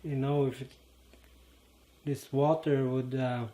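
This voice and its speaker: A man with a Norwegian accent, a native Norwegian speaker, explaining an idea to camera in a halting way and often pausing to search for words. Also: mid-range voice, fairly even intonation, warm tone. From Norway. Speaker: channel host. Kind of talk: casual explanatory monologue. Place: in front of a green screen.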